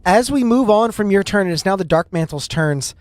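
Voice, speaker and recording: A man narrating as game master of a tabletop role-playing game, relaxed, with frequent hesitations. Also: sits high, fairly quick, dry recording.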